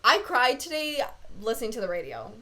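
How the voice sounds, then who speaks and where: A woman's voice: a little high, big pitch swings, brisk, a crowd in the background. A young woman hosting a casual podcast, telling stories in a rambling way full of fillers. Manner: rambling storyteller, heavy use of "like". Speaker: podcast host. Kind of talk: casual chat.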